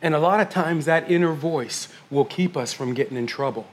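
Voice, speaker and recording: A middle-aged man preaching a sermon as pastor, fast and intense, swinging from hushed whispers to loud bursts. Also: fairly high pitch.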